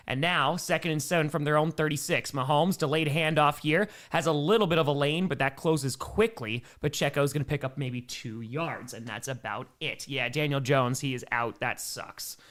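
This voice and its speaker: High, bright-voiced hyped man on a live stream. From Wisconsin, United States. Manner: excitable, hyped, reads fan messages aloud. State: out of breath. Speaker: streamer doing live play-by-play and reaction. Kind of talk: live-stream play-by-play and chat reactions.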